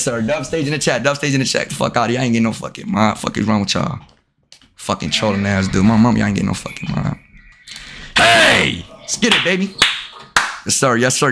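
A man live-streaming a video game, cursing and trash-talking at his chat, with sudden yelled outbursts. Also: mid-range voice. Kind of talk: casual live-stream commentary while gaming.

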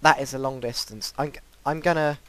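A man commentating his own game play, breaking into excitable, panicky outbursts and repeated pleading. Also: mid-range voice, brisk. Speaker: gaming channel host. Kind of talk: Minecraft let's play commentary.

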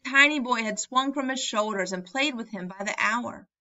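A woman narrating a story as an audiobook, in a measured, expressive reading. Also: a little high, lo-fi sound.

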